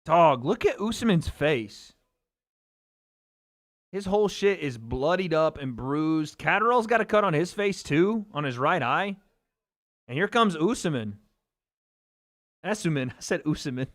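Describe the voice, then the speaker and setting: Guy streaming a fight watch party, kinda high voice, swears a lot, laughs, talks to chat. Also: expressive, unhurried, a bit bright. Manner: loose, profane, laughing, chatting with viewers. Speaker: livestream host. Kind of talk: casual live reaction commentary.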